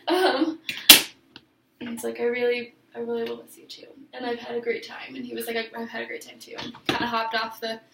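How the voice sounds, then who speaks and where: A woman's voice: a little high, pushed and bright, roomy sound, distant mic, slight background noise, poor audio. Emotional young woman telling a love story. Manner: rambling, emotional, many fillers and restarts. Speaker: vlogger. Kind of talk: personal storytime vlog.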